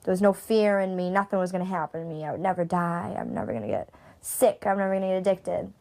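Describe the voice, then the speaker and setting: A woman's voice: fairly low pitch, fast, gravelly. A woman in recovery telling her story in an interview, acting out the dialogue she quotes. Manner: animated, acts out quoted dialogue. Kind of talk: candid interview.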